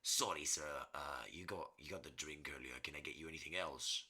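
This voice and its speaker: A man's voice: a bass voice, brisk, sharp tone, breathy edge, heavily acted. A man voicing a short, wrinkly old tavern keeper with a chatty, homely patter. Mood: brisk.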